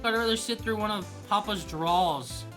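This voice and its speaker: Brief: loud folksy Southern woman photographer, put on by a woman streamer, scolding drawl, pitched up. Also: normal speed, music in the background, close to an everyday voice. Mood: impatient.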